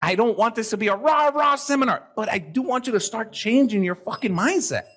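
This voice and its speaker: Husky, high-voiced, profane seminar speaker. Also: male voice, fairly quick. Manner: profane, blunt, animated. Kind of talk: live seminar talk to an audience. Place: seminar hall with a live audience. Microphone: handheld microphone.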